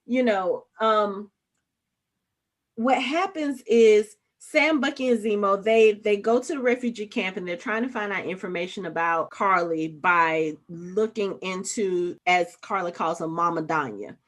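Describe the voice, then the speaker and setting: A woman co-hosting a podcast, casually recapping a TV episode and quoting characters with lively emphasis. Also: medium pitch, measured pace. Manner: retells scenes, quoting characters with rising emphasis. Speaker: podcast co-host.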